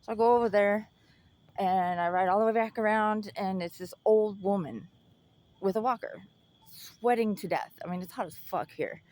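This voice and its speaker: A woman's voice: mid-range voice, moderate pace, darkish tone. Blunt, profane woman telling a story. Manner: profane, blunt, laughs often. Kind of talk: casual storytelling.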